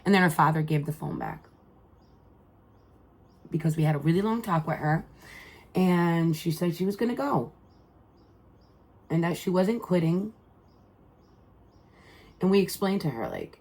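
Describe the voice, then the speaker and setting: Husky middle-aged mom, rambling heartfelt. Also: female voice, on the low side, expressive, a little slow, pauses often, a little mellow. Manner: rambling and heartfelt, full of "like" and restarts. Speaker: mother and vlogger. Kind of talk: casual storytelling vlog.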